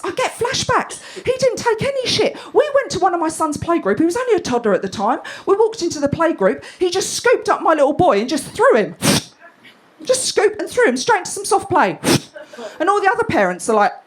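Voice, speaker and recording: A woman's voice: extremely high pitch, sing-song, brisk. A woman doing a stand-up set on a club stage, blunt and sweary, often laughing as she talks. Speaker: stand-up comedian.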